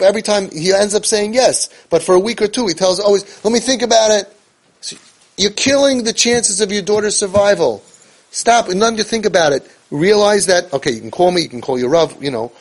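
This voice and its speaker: A man with a high, slightly rough voice speaks passionately to parents as a parenting coach. He sprinkles Yiddish and Hebrew words through his emotional talk.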